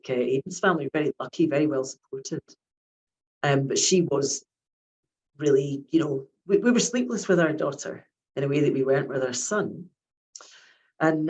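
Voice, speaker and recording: A woman's voice: deep voice, a little mellow, rough recording. A woman, giving a chatty academic lecture on child psychiatry and often repeating her words.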